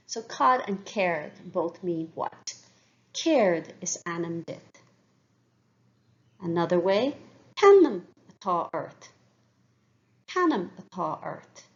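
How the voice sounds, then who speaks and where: A woman's voice: lowish voice, highs cut off. A woman teaching a beginner language lesson, patiently repeating each phrase for learners to copy. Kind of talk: slow, clear language lesson with repeated drills.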